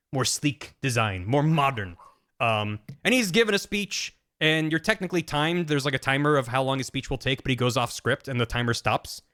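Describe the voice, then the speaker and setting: A man on a stream, casually retelling a game's story to friends in a rambling, animated way, dropping into quick voices for the characters. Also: medium pitch. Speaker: streamer explaining game plots.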